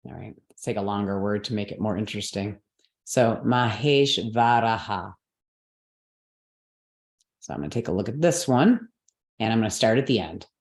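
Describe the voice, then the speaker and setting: A woman teaching a live class, explaining step by step, checking that her students follow, and correcting her own slips out loud. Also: rumbling low, expressive, quick pace, echoey room. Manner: patient, step-by-step explaining with frequent checks for understanding.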